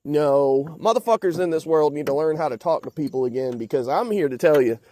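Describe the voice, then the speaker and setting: A man's voice: fairly high pitch, lively intonation, fast talker, warm tone. A man, swearing and threatening in a heated rant to his vlog audience, then talking casually about his truck project. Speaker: vlogger, truck project owner. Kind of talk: angry rant to camera.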